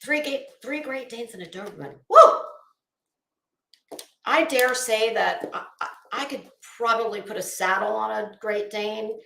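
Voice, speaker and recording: A woman's voice: a little high, measured pace, gravelly, bright, forceful tone, reverberant. A woman hosting a casual live commentary stream, chatting with viewers in a gossipy, sarcastic way and laughing often. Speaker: YouTube commentary host.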